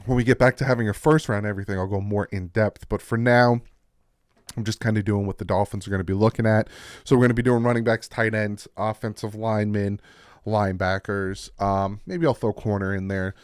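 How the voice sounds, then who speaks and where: A man's voice: lowish voice, steady tone, a little fast, smooth, no room sound, studio quality. A young man with a New Jersey accent and a congested, sick voice, rambling casually as a sports talk host. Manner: rambling, self-interrupting.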